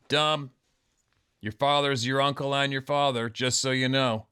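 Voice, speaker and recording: A man's voice: mid-range voice, steady tone, a little slow, bright, forceful tone, smooth. Host guy ranting, swearing a lot, sarcastic and scornful, medium voice. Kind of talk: angry monologue rant.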